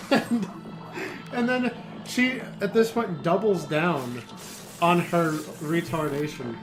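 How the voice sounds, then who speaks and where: A man co-hosting a casual gaming chat, telling an anecdote in an animated way and laughing often. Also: high voice, takes it slowly, pauses often. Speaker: podcast co-host. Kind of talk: casual chat over gameplay. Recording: game music playing behind.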